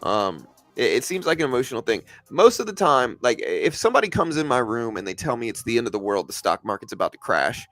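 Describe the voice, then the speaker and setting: A man on a casual livestream argues with viewers in a bright, forceful voice. His pitch swings all over as he talks back to them, stumbling and repeating himself. Faint music plays underneath. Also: big pitch swings, quick pace, few pauses, dry recording. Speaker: livestream host. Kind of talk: casual livestream market commentary answering chat.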